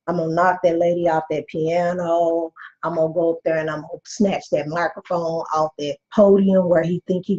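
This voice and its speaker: A woman's voice: sits low, dark tone. A woman in her forties hosting a live show, telling candid stories with emphatic, preachy talk and reading viewer comments aloud. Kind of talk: candid storytelling monologue to viewers. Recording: muffled lo-fi recording.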